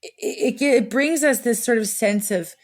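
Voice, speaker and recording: A woman's voice: on the high side, unhurried. A woman in her forties co-hosting a casual podcast, reading listener emails aloud and turning tearful and laughing easily. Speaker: podcast co-host.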